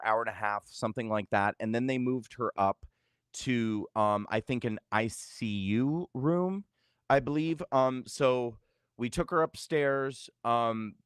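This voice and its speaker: A man's voice: mid-range voice, smooth, dry recording, studio quality. A middle-aged man recounting a family event in a vlog, hesitant, with many fillers and restarts. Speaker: vlogger. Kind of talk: personal storytelling to camera.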